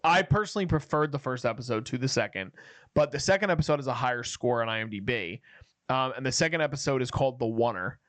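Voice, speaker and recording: A man co-hosting a casual TV review podcast, animated and retelling scenes with swearing. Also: mid-range voice, quick pace, dry recording. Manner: animated, acts out scenes with profanity. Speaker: podcast co-host.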